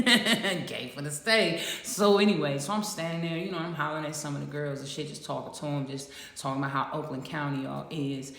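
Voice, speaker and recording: A woman's voice: sits low, fairly even intonation, fast, gravelly, hardly any pauses. A woman telling a profane jail story casually to her audience, laughing often. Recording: echoey roomy sound with long reverb.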